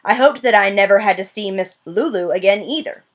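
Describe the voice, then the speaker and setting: A woman's voice: mid-range voice, a little fast. A woman narrating a children's novel in the first person, in an earnest, plain way. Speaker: audiobook narrator. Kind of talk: storybook narration.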